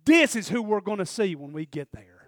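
A man preaches with fervor in a high-pitched voice, swinging from shouted peaks down to hushed, confiding asides. The recording is dry and close, with no room echo. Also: sing-song, brisk. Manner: fervent, swings from loud shouting to quiet asides. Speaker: pastor. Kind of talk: sermon.

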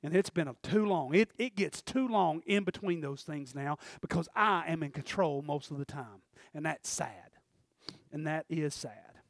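A man preaching a fervent sermon, moving between loud shouted peaks and quiet, confiding asides. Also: on the high side, animated, moderate pace, dry recording, studio quality. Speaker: pastor.

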